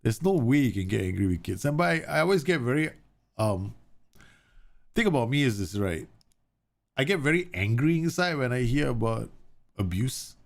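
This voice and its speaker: A man's voice: mid-range voice, very animated, moderate pace, creaky, long pauses. A man in his thirties, a game streamer, chatting casually and rambling animatedly through a live stream.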